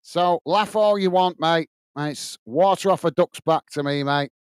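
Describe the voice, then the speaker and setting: A man's voice: on the high side, a little slow, clear, resonant tone, no room sound. A man hosting a live football watch-along, calling the play and reading out chat messages, and firmly telling off a rude viewer. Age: adult. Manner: calls play-by-play, reads chat messages aloud, scolds a troll firmly.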